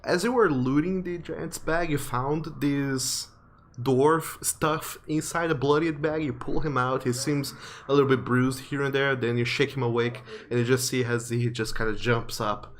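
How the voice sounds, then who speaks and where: A man narrating a tabletop role-playing game as game master, in slow, halting description. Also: medium pitch, fairly even intonation, a little hiss or hum.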